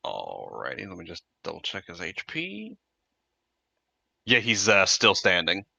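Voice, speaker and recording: A man running a tabletop game as game master, narrating in a measured way with many fillers. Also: low-pitched, wildly swooping pitch, gravelly, pushed and bright, slightly rough.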